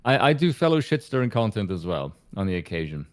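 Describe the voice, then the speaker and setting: A man's voice: fairly low pitch, sing-song, quick pace, dry recording. A man from South Africa, a guest on a live stream, telling his story in a dry, wry way. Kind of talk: casual live-stream chat.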